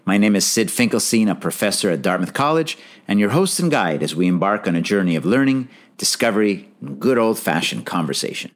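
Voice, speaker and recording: A man's voice: lowish voice, big pitch swings, a little fast, few pauses. A man hosting a podcast, reading an earnest, enthusiastic scripted introduction. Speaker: podcast host.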